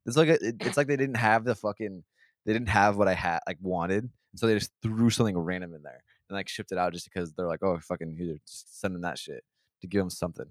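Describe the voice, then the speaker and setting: Low-voiced man telling a profane story. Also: fast talker, no room sound, clean studio sound. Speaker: podcast host. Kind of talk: casual chat.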